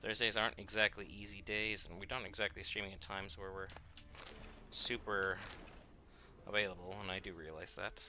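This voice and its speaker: A man's voice: lowish voice, flat delivery, normal speed, bright, forceful tone, a little hiss or hum. A man streaming a game, chatting casually and wryly to his chat as he plays. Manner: chatty, wry, talks to chat. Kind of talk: casual gameplay commentary.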